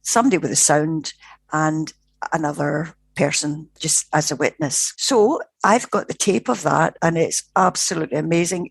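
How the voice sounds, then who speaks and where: A woman's voice: low-pitched, creaky, dry recording. Older woman telling a dramatic story. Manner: vivid, dramatic retelling with frequent restarts. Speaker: guest, psychical researcher. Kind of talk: conversational storytelling.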